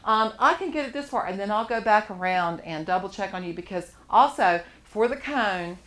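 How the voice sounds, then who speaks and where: A woman's voice: mid-range voice, expressive, normal speed, fairly bright tone. Encouraging woman teaching a drawing class. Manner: encouraging, laughs often. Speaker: art teacher. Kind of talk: live charcoal drawing class.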